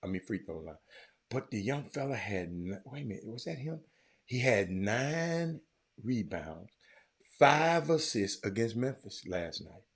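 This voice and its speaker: A man hosting a casual sports talk show, loud, excitable and rambling, with some swearing. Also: fairly low pitch, a little slow.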